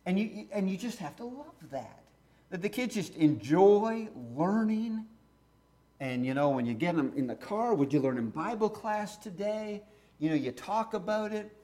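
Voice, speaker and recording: Lively conversational male preacher. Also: high voice, normal speed. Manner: lively, conversational, reads scripture aloud. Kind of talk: sermon.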